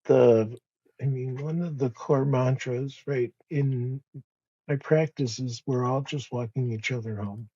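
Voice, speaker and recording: A man speaking as a podcast guest in a slow, soft-spoken, reflective way, pausing often and restarting his sentences. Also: medium pitch, fairly even intonation, husky, no room sound, muffled recording. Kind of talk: reflective conversation.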